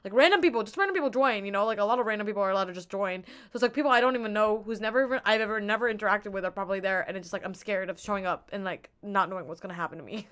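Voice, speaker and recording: A woman's voice: medium pitch, fairly even intonation, rapid-fire, hardly any pauses, a bit bright, slight background noise. A young woman chatting casually on a live stream into an earbud mic, rambling and giggling in a playful way.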